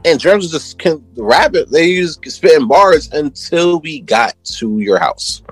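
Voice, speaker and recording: A man's voice: fairly high pitch, expressive, unhurried, husky. A man, a music producer telling stories as an interview guest in a slangy, laid-back way. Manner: laid-back, slangy, many "you know what I'm saying" fillers. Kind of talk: casual storytelling chat.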